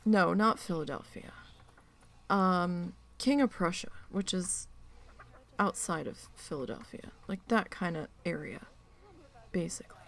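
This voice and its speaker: A woman's voice: on the low side, lively intonation, a little slow, gravelly, fairly bright tone. A woman streamer telling a family story in casual chat, swearing freely and acting out quoted voices. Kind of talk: casual storytelling while gaming.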